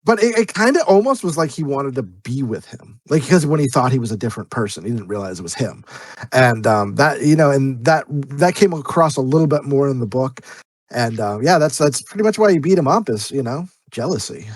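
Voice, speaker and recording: A man's voice: mid-range voice, expressive, fairly quick, no echo. A man co-hosting a movie review podcast, explaining at length with many stops and restarts. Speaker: podcast co-host. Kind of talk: casual movie review chat.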